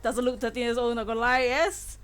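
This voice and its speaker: A woman's voice: fairly high pitch, level tone, brisk, fairly bright tone. A woman chatting casually with her viewers while playing through a game on a live stream, giggling often. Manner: chatty, giggly, talks to chat. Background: faint game music.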